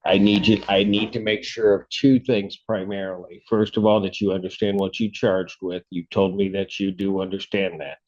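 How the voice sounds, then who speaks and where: A man presiding as judge in a court arraignment, reading charges in a formal, measured way and repeating his questions patiently. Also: low voice, level tone, a little mellow, lo-fi sound.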